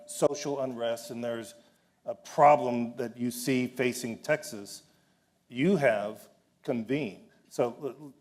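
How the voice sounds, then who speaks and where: A man interviewing a judge on stage at a dinner, pausing and restarting as he searches for words. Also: mid-range voice, a little mellow. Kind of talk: onstage interview at a dinner event. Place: hotel banquet room.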